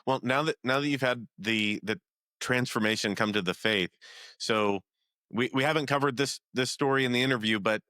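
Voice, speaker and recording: A man hosting a podcast, steering his guest toward the next story with a measured, unhurried question. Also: mid-range voice, sharp tone, dry recording, studio quality. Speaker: podcast host. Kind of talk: casual interview questions.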